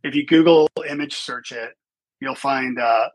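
A man who trains people in presenting, speaking as a podcast guest in a relaxed, explanatory way with many ums. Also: mid-range voice, measured pace, no echo, rough recording. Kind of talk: casual podcast conversation.

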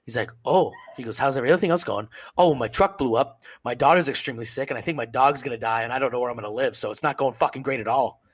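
A man co-hosting a casual podcast, telling a profane, animated story and acting out what other people said. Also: medium pitch, quick pace, few pauses, breathy edge. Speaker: podcast co-host, service member.

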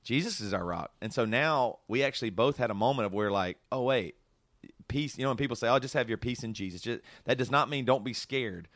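A man's voice: mid-range voice, quick pace, hardly any pauses, a bit bright, dry recording, clean studio sound. A man hosting a casual podcast, talking earnestly and emotionally with many restarts. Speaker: podcast host.

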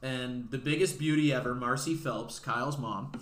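A man's voice: medium pitch, moderate pace, a bit bright, faint music behind. A young man co-hosting a podcast, telling a personal story in a rambling way, full of fillers and laughing through it. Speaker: podcast co-host. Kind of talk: casual storytelling. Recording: echoey room.

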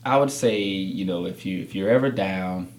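A young adult man, a podcast guest, talking candidly and acting out the people he quotes in a studio interview. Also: moderate pace. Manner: animated storyteller, acts out quotes with big pitch jumps.

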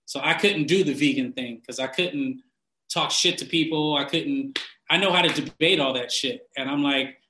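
A man ranting casually and bluntly, swearing constantly, laughing often and getting animated when he mocks people. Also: medium pitch, normal speed, reverberant, a little hiss or hum, rough recording. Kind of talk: casual profane rant.

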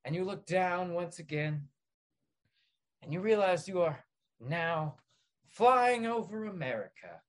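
A man talks the listener through a parody guided visualization. His delivery is deadpan and mock-soothing, slowing for the breathing cues. He rambles and trips over his own restarts. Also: sits high. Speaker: podcast host.

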